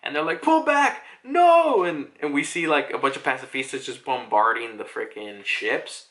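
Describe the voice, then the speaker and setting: Man, casual chapter review, bright tone, rambling, profane, filler-heavy. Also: mid-range voice, moderate pace.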